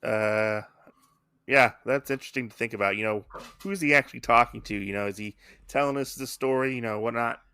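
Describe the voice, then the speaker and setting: A man's voice: mid-range voice, fairly quick, clean tone, dry recording. A man co-hosting a podcast, chatting casually and animatedly about a comic he is reading. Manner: animated, slips into silly character voices. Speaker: podcast co-host.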